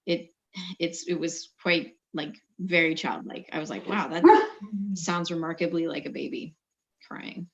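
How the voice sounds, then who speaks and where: A woman's voice: low-pitched, steady tone, unhurried, creaky, fairly bright tone, muffled recording. A woman chatting over a call, telling a story with quoted asides. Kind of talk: casual video-call chat. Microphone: phone or video call.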